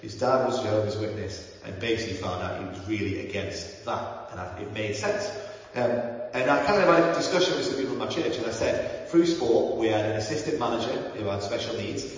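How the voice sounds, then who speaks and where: A man's voice: medium pitch, fairly quick. A man preaching a sermon in an earnest, conversational way, with frequent ums and restarts. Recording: roomy, echoey hall, mic at a distance, dull sound.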